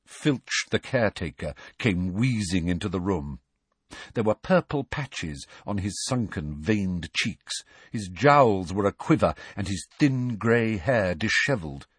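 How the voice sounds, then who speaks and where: Brief: male narrator, low husky voice, lively storytelling, dry close recording. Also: a little slow, no echo. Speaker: audiobook narrator. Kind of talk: scripted narration.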